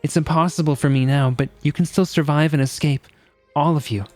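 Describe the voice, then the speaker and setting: A man voicing a polite, helpful young AI program in a game, speaking gently and analytically. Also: a little high, fairly even intonation, a little fast, no room sound, soft background music, natural voice. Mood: earnest.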